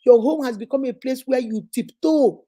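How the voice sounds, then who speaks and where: A woman's voice: high-pitched, normal speed, dark tone. Emphatic woman giving advice. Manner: emphatic and preachy, acting out little scenes. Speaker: relationship talk host. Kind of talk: live advice talk to viewers.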